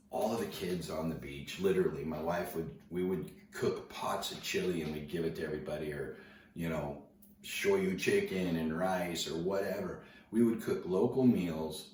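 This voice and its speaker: A man casually telling a story to an audience, laid-back and slangy, animated as he recounts it. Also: low-pitched. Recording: roomy, distant mic, faint noise.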